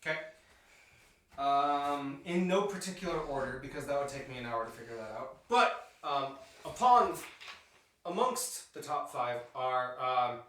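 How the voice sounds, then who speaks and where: A man's voice: mid-range voice, expressive, measured pace, fairly bright tone. A young man co-hosting a podcast, chatting casually in a hesitant, profane way. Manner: hesitant, full of ums, profane. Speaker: podcast co-host. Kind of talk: casual chat. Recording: echoey room, distant mic.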